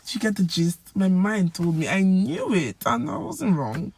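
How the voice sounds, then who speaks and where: A woman with a Nigerian accent giving a casual language lesson, acting out example phrases with lively swings in pitch and loudness. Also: moderate pace, gravelly, few pauses, breathy edge. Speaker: language teacher.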